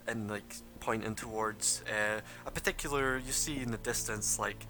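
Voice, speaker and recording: A man's voice: lowish voice, normal speed, few pauses, music in the background. A man running a tabletop game as game master, narrating loosely with lots of fillers and laughs. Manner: rambling, laughing, many fillers.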